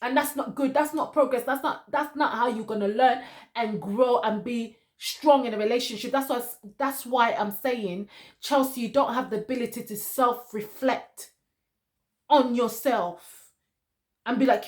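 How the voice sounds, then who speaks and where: A woman's voice: a little high, unhurried. A woman reviewing a reality dating show, lecturing one cast member directly and repeating her points for emphasis.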